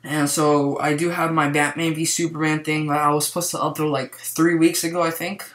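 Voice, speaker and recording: A man giving a casual movie review to camera, rambling and excited, with lots of "like" fillers. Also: fairly high pitch, a little fast. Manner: rambling, excitable, heavy use of "like". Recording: roomy echo.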